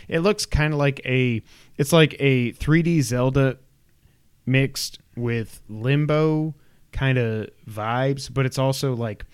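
A man's voice: medium pitch, clean tone, no echo, studio quality. Rambling man chatting casually. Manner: rambling storyteller, trails off with fillers. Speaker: podcast co-host. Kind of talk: casual chat.

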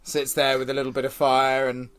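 A man's voice: medium pitch, fairly quick. Man running a tabletop game, chuckling. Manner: chuckling, relaxed storytelling with many fillers. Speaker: game master.

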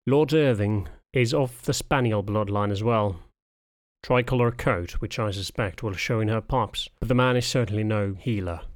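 A man's voice: fairly low pitch, no echo, clean studio sound, lightly acted. A man reading as a cold old spaniel lord. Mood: cold, dismissive. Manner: curt, dismissive, unhurried. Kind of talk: audiobook character reading.

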